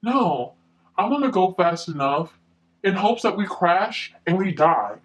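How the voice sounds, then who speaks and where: A woman voicing her reckless, cruel teenage boyfriend in a flat, menacing way. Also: on the low side, measured pace, voice pushed down.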